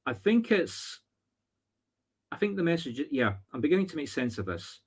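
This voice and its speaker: A man's voice: a little high, sing-song, normal speed, breathy edge. Chatty Scottish man giving psychic readings. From Scotland. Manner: chatty, thinks aloud, teasing asides. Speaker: spiritual medium. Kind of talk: live-streamed psychic readings.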